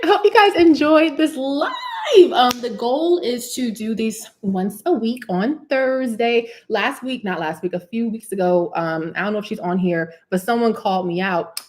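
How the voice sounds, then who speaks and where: Chatty woman hosting a livestream. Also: medium pitch. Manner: chatty and warm with viewers, repeats phrases, laughs often. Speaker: cosmetic chemist hosting a live Q&A. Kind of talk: casual livestream chat reading comments.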